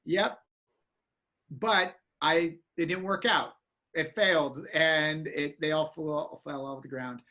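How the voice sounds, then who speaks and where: A man telling a story in casual chat, animated and acting out reactions with exclamations. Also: a little high, slow, muffled recording.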